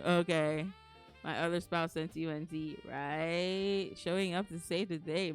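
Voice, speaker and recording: Lady streamer being playful and jokey, fake-mad, laughing a lot, slightly low voice. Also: slow, soft background music. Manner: playful, teasing, mock-angry, laughs often. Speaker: streamer reading to chat. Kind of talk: casual stream chat.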